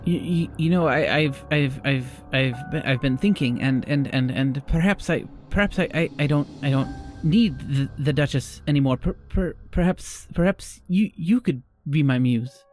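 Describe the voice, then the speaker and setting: A man's voice: on the high side, moderate pace, hardly any pauses, faint music behind, close to an everyday voice. A game master voicing a nervous, clingy male artist who stammers on nearly every word and gets frantic. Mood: stammering. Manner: constant stammering, rising to frantic yelling.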